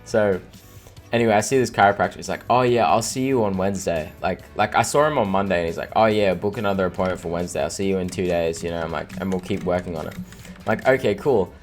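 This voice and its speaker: A man's voice: low-pitched, fast, soft background music. A young man in his twenties from Australia, rambling casually over gameplay with lots of fillers and laughs, and tired from no sleep. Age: 20s. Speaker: gaming streamer.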